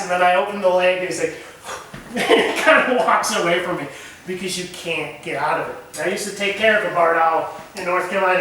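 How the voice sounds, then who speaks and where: A high-voiced man leads a hands-on camp nature lesson and keeps asking his listeners questions. His voice is bright. He is picked up from far off in a very echoey room. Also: a little hiss or hum. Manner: animated, asks the group questions.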